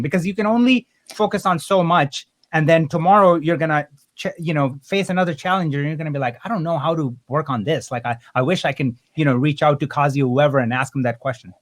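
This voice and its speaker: Man, host, video call, casual livestream chat, higher voice, animated filler-heavy talk. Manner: fast, animated, lots of "like". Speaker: host and course instructor.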